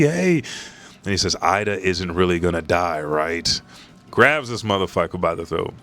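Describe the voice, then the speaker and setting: Profane man reading and reacting. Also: deep voice. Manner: profane, animated reading of dialogue in quick bursts. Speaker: manga reaction host.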